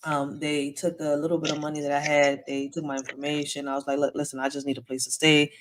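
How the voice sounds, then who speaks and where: A woman's voice: deep voice, quick pace, noisy background. A woman, casually telling a story with slang and swearing. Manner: animated, swearing, street slang. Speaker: host.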